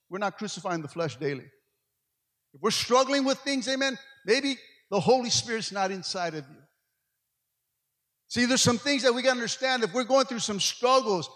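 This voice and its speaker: A man's voice: very high-pitched, a bit bright. A man preaching a sermon as pastor, with repeated "amen" and "come on" to his congregation. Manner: preachy call-and-response, frequent "amen" and "come on". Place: church sanctuary. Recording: long hall reverb.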